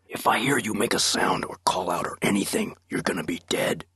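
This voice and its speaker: A man voicing a menacing masked male intruder in an audiobook, speaking in a scratchy, hushed, threatening whisper. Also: low-pitched, brisk, breathy edge, no echo, exaggerated voice.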